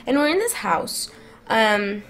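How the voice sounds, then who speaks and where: A woman's voice: on the high side, sing-song, slow, fairly bright tone. A woman streamer casually telling a long personal story to her live chat, rambling and restarting often with lots of "like".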